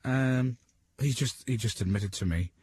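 A man's voice: mid-range voice, unhurried, a little mellow, slightly rough. A man hosting a morning radio show, teasing and joking with his co-hosts. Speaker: radio host.

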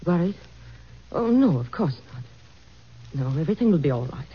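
A woman's voice: deep voice, big pitch swings, normal speed, breathy edge, full character voice. An earnest, worried First Lady. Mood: composed. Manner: earnest, gently insistent. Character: anxious devoted wife of a president, woman. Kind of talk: 1940s radio acting. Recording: dull old radio recording with faint hiss.

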